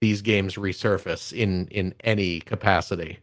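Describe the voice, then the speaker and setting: A man's voice: low-pitched, fairly even intonation, unhurried, a bit bright. A middle-aged man co-hosting a podcast, chatting casually with dry sarcastic humor. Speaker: podcast co-host. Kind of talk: casual chat.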